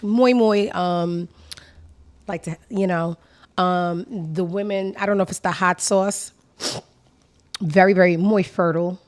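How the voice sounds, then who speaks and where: A woman hosting her own show in a crude, sassy comedic monologue that swings from low mutters to loud outbursts. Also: steady tone, unhurried, pauses often. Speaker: show host.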